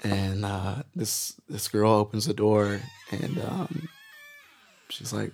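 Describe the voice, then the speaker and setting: A man guest on a podcast, telling a wild story in an animated, profane way and laughing at it. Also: fairly low pitch, slow pace, a little hiss or hum. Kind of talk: casual storytelling.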